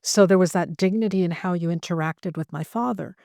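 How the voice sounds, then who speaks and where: Female interview host; lowish pitch, dry recording, emotional and halting delivery. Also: gravelly, dark tone, no echo. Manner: emotional, halting, many restarts. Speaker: podcast host and family caregiver. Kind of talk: heartfelt conversational interview.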